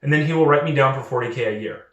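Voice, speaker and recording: A young man talks in a casual, earnest way, restarting his sentences and repeating himself for emphasis. His pitch sits in the middle. The room is hard-walled and echoes around him. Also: very fast, muffled recording. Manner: acts out quoted recruiters in lively voices. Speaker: channel host. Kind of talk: casual advice monologue.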